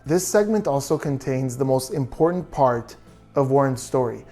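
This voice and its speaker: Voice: mid-range voice, brisk, mellow, soft background music. A body language analyst giving true crime video commentary, reasoning through details and asking many questions.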